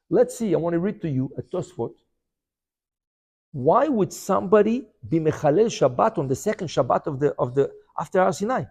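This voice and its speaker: A middle-aged man teaching a lively Torah lesson. His voice sits high and leaps up and down as he throws questions at his listeners. He scatters Hebrew terms through his explanations. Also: normal speed, breathy edge. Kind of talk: animated Torah class.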